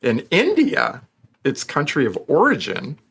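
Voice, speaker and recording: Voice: mid-range voice, huge pitch swings, a little slow, vocal fry, fairly bright tone, slight background noise. A podcast co-host reading facts aloud in a dry, casual way. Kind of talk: casual chat.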